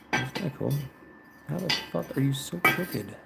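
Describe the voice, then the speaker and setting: A man's voice: medium pitch, animated, normal speed, creaky. A man chatting offhandedly on a livestream as he works in his garage, muttering to himself. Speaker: livestream host. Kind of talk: casual livestream chat while working. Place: home garage. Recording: noisy garage with clanking tools.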